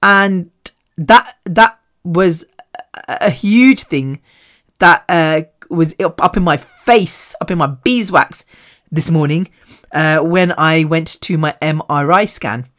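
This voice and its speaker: A woman, hosting a solo podcast and telling personal stories in an animated, chatty way, often laughing. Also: slow. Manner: animated and chatty, with frequent laughs and big swings in pitch. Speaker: podcast host.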